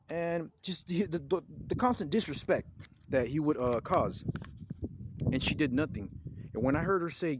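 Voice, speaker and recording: A man's voice: fairly high pitch, animated, a little fast, background noise. A man giving an angry, rambling complaint to camera, indignant and repetitive, swearing as he goes. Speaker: vlogger filing a complaint.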